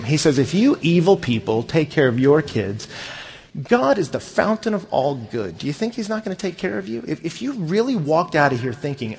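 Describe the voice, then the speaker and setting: A pastor delivers a sermon full of stories, animatedly acting out the voices of the people in them. His voice is a little high with vocal fry, and he speaks at a normal speed.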